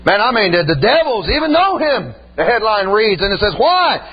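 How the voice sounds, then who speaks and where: Preaching in a colloquial, story-driven style, this man grows emphatic and builds to shouted points, sounding very animated and brisk. His high-pitched voice is slightly rough, heard on a somewhat muffled recording carrying a faint hum.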